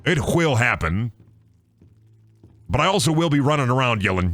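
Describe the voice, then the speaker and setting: A man's voice: medium pitch, normal speed, dry recording. A young man rambling and joking as he streams a game. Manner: rambling, jokey, animated. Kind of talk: casual let's-play commentary.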